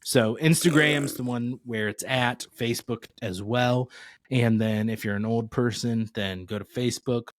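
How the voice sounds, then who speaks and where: A man's voice: mid-range voice, no echo. A man hosting a podcast in a loose, cheerful way, running through a sign-off with casual swearing. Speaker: podcast host. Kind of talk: casual chat. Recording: dry close sound.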